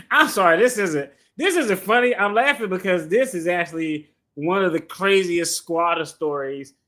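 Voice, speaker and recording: Bright, animated man reacting with slang. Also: high voice, moderate pace, few pauses. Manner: animated, slangy, laughs often. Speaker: attorney reaction host. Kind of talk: casual reaction commentary.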